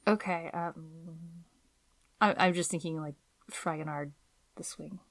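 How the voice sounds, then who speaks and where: A woman's voice: on the low side, measured pace, vocal fry, no room sound. A woman artist from the United States talking in a casual interview, musing and hesitant, trailing off as she thinks. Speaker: guest artist.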